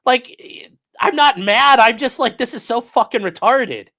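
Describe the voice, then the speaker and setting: With a very high, bright voice and a forceful tone, this man hosts his channel at an unhurried pace. He ridicules a court filing in profane disbelief and chats with his live audience.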